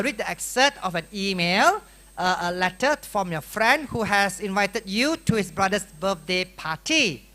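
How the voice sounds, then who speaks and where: A middle-aged man with a Malaysian English accent, giving a lively workshop lecture that is full of questions and teasing to a room of students. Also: high voice. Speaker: workshop teacher. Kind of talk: classroom lecture.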